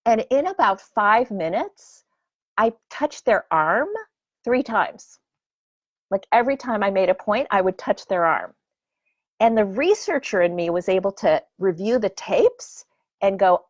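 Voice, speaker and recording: A woman who teaches flirting and dating, talking casually in an animated, expressive way. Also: medium pitch, unhurried, dry recording, lo-fi sound. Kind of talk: casual talk.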